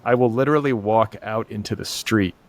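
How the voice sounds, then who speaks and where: A man's voice: fairly low pitch, brisk. A middle-aged man hosting a podcast, chatting casually in a laid-back, joking, self-deprecating way. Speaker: podcast host. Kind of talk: casual chat.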